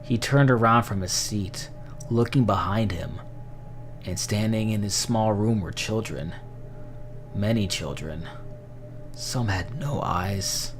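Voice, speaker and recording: A man narrating a scripted horror story in a slow, measured, dramatic way. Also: fairly low pitch, music in the background.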